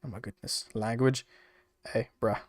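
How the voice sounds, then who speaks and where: A man's voice: mid-range voice, steady tone, normal speed, no echo, studio quality. A young British man chatting casually on a live stream, laughing often and swearing freely as he reacts to chat. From United Kingdom. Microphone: desk microphone.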